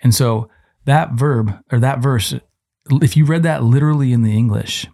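A man's voice: mid-range voice, normal speed, creaky, dark tone, dry recording, studio quality. A man co-hosting a Christian parenting podcast, explaining Bible passages in a conversational teaching way, with frequent restarts. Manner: explanatory, quotes scripture, many restarts.

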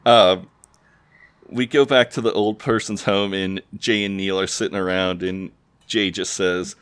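Guy with a lowish voice recapping a tv show on a podcast, acts out the lines, dry close sound. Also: fairly even intonation, slow, long pauses, a bit bright, clean tone, dry recording. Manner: retells scenes, briefly acting out the characters' lines. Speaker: podcast co-host recapping a TV episode. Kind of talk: casual chat.

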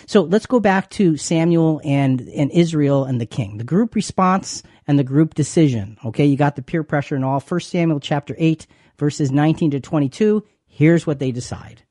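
Guy hosting a faith talk show, mellow dark voice, dry sound, chatty and repeats himself. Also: on the high side, normal speed, hardly any pauses, dry recording. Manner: chatty, repeats words, restarts often. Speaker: co-host.

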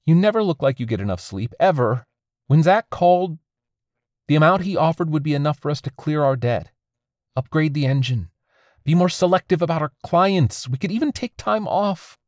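A woman's voice: deep voice, expressive, moderate pace, darkish tone, dry recording, clean studio sound, voice pushed up. A man voicing an anxious, stubborn young woman who runs a freight train, talking in a tense, defensive, pleading way.

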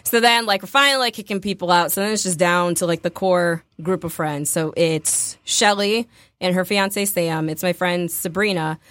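A young adult woman telling a story in casual chat, animated, full of fillers and acted-out quotes. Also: lowish voice, moderate pace, no room sound.

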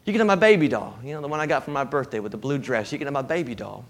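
A man voicing a little girl who pleads softly with her father, told as a story inside a sermon. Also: medium pitch, lively intonation, rapid-fire, slight background noise, natural voice. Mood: pleading.

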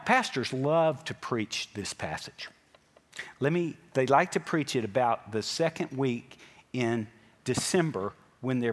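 A pastor preaching a sermon in a church, talking in an animated way and putting direct questions to his congregation. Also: mid-range voice. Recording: long hall reverb.

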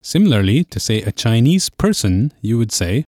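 A man's voice: mid-range voice, big pitch swings, normal speed, a little mellow, dry recording, studio quality. A man teaching a podcast language lesson, explaining patiently step by step.

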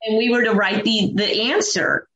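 A woman's voice: a little high, moderate pace, a bit bright, a little hiss or hum. A woman hosting a podcast interview, chatting casually and affirming her guest often. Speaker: podcast host. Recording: dull lo-fi sound.

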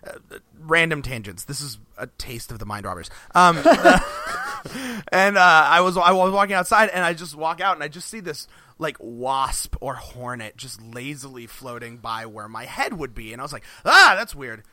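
A man's voice: fairly high pitch, lively intonation, moderate pace, pushed and bright, no room sound. A man co-hosting a podcast in casual chat, rambling with frequent restarts and laughs between phrases. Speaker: podcast co-host.

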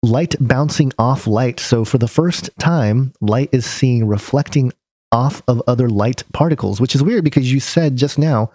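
A man co-hosting a casual podcast, sharing news items in a chatty, easygoing way. His voice is mellow and dark in tone. He laughs easily along with his co-host. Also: mid-range voice, measured pace, no echo.

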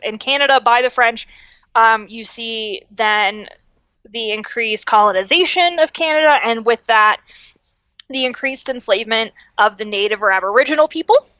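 Young woman, bright voice, higher pitch, casual podcast host, dry dull recording. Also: no echo. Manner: lively, self-correcting, frequent fillers and restarts. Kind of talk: casual educational podcast talk.

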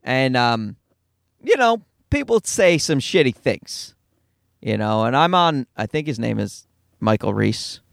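Middle-aged Newfoundland comic, rapid-fire and self-mocking, dry close-up sound. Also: male voice, medium pitch, very animated, gravelly, no echo. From Newfoundland, Canada. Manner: fast-talking, profane, self-deprecating. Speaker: stand-up comedian, podcast host. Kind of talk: casual rambling monologue. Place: in a car.

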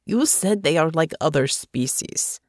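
A woman voicing an earnest, resolute young woman soldier in an audiobook, soft-spoken and formal. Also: low voice, animated, measured pace, dry recording, clean studio sound. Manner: soft, sincere, formal phrasing. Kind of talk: audiobook character voice.

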